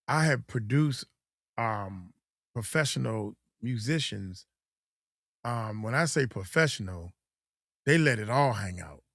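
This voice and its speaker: A man's voice: medium pitch, a bit bright, no room sound, studio quality. A middle-aged man, chatting loosely as a coach and host, often acting out quotes in mocking voices. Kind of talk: casual livestream chat.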